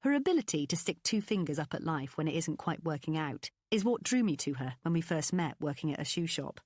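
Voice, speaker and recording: A woman narrates a first-person novel in a confiding, expressive way. Her voice sits on the low side but moves up and down freely. The recording is close and dry, with no room sound. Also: brisk, no room sound. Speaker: audiobook narrator. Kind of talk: scripted audiobook narration.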